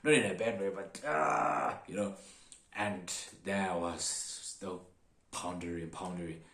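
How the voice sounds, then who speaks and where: A young man from Africa telling a personal story in a casual, animated way, acting out what others said. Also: deep voice, unhurried. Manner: animated, acts out other people's lines with laughs. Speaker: vlogger. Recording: roomy echo.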